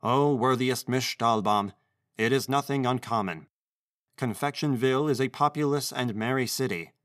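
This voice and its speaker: A man's voice: medium pitch, moderate pace, a bit bright, no echo, studio quality, lightly acted. A man voicing the Nutcracker, a young and courtly prince who speaks formally and politely. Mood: courteous.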